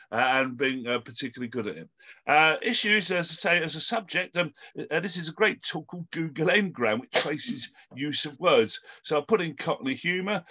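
A man with a fairly high, bright and forceful voice hosts an online panel over a video call. He speaks hesitantly, full of ums and false starts. His tone is lively rather than polished. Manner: hesitant, with many ums and restarts. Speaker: host. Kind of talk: hosting an online panel discussion.

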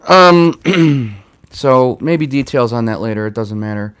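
A man's voice: medium pitch, expressive, slow, smooth. A man hosting a casual livestream, rambling and chatty as he reads out and answers viewer comments. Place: home in Chicago.

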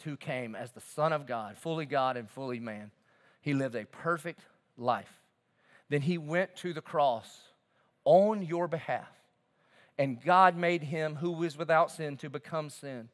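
Fervent preacher in a big hall. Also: male voice, on the high side. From southern United States. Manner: fervent, swings from loud emphasis to hushed tones. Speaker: pastor. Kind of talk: sermon. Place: large church auditorium. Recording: long reverb of a large hall.

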